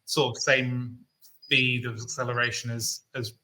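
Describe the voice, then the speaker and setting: Bright-voiced British man chatting casually. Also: mid-range voice, level tone, measured pace, a little hiss or hum. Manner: chatty, thinking aloud with fillers. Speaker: co-host. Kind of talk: casual chat.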